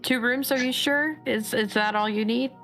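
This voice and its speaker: A woman's voice: a little high, normal speed, a bit bright, faint music behind, voice pushed up. A woman voicing a jovial male elf innkeeper who keeps pushing ale on his guests. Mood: pushy. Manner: jovial, keeps offering more drink.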